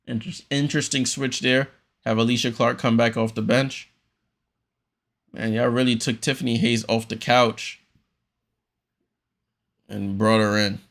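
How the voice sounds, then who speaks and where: A man hosting a live watchalong stream, calling the game play-by-play in a relaxed, chatty way with frequent ums and restarts. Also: mid-range voice, measured pace, pauses often. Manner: relaxed, chatty, many ums and restarts, reads chat aloud.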